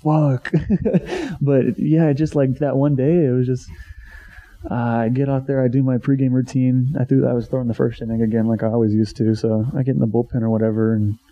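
A man in his twenties, a former college pitcher, casually telling a story, swearing freely and acting out what he once said. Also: fairly even intonation, a little fast, warm tone. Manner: swears freely, acts out his own past remarks. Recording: dull lo-fi sound.

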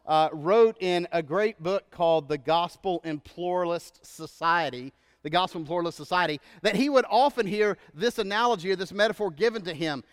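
A male pastor preaching a sermon in a relaxed, storytelling way, often checking in with "right?". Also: sits high, normal speed, few pauses, clear, resonant tone, in a large hall.

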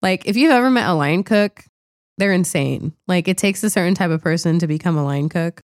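Chatty woman with a smooth low voice. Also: brisk, darkish tone, no room sound, studio quality. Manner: chatty, laughs often, acts out quotes with a swear. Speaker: podcast co-host. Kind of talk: casual chat reviewing a film.

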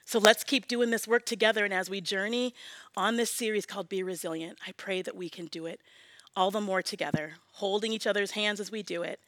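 A woman in her forties preaching a sermon as pastor, earnest and personal, often dropping to a soft prayerful hush. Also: medium pitch, fairly even intonation, a little fast, no room sound. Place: church sanctuary.

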